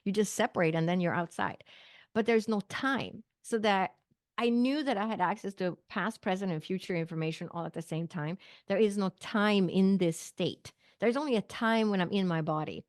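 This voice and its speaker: A woman's voice: medium pitch, normal speed, dry recording, clean studio sound. A middle-aged woman from Sweden, a guest on an interview show, vividly retelling a personal story with quoted dialogue and small laughs. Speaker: guest, naturopathic physician and psychic medium.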